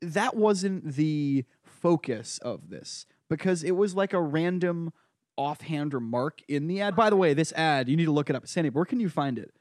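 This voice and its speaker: A man hosting a casual podcast panel chat, animated and prone to quick asides and restarts. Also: fairly high pitch, no room sound, studio quality. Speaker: podcast host.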